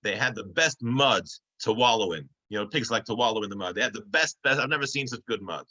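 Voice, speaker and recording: A contented pig in a spoken fable voiced by a man, answering in a plain, matter-of-fact way with a bright, clear tone. He sounds unbothered and a little apologetic, with no sign of being impressed. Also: on the low side, animated, fast, highs cut off.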